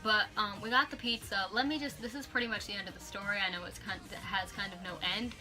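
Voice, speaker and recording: A woman telling a personal story on a vlog in an animated, chatty way with lots of fillers. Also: mid-range voice, quick pace, over music. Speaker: vlogger.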